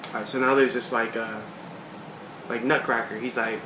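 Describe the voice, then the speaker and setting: A man's voice: mid-range voice, fairly even intonation, brisk. A man casually reading a comic aloud and commenting on it in a laid-back, slangy way. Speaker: comic read-along host. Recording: echoey room with background hiss.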